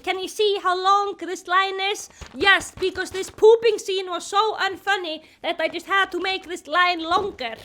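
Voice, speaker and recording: Woman, comedic movie commentator, very high bright voice, giggly and animated. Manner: animated, giggly, exaggerated retelling. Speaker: commentary youtuber.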